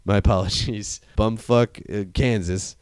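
A man's voice: lowish voice, steady tone, darkish tone, clean tone, no echo, studio quality. A man recapping a movie in casual chat, joking, swearing and acting out the characters. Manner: profane, jokey, acts out characters in quick voices.

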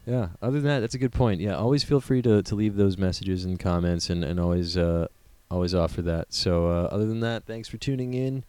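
A man's voice: deep voice, brisk, few pauses, warm tone, clean tone, no room sound. A man co-hosting a podcast, chatting loosely, joking and swearing freely. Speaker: podcast co-host. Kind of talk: casual podcast chat.

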